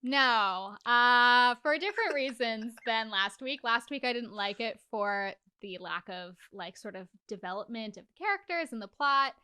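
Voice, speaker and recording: A woman's voice: on the high side, animated, moderate pace, few pauses, bright, forceful tone, clear, resonant tone, no room sound, clean studio sound. A woman co-hosting a podcast in casual recap chat, candid and blunt, swearing now and then. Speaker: podcast co-host.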